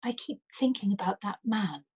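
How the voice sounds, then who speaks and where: A woman voicing an anxious, frightened grown woman who hesitates and falters, her voice turning shrill. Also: normal speed, darkish tone, breathy edge, highs cut off. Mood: uneasy.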